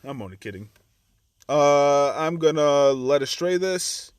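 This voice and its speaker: A man's voice: on the high side, animated, slow, smooth, dry recording. A man giving casual, chatty commentary over his own card game match, acting out his reactions to his opponent's moves. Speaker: gaming channel host.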